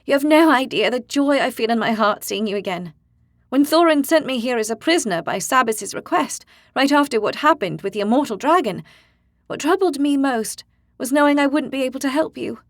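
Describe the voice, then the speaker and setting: A woman narrator voicing a determined young woman warrior in an audiobook, speaking with forceful confidence. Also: high voice, animated, a little fast, no room sound, studio quality, pitched above the performer's own voice. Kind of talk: audiobook character voice.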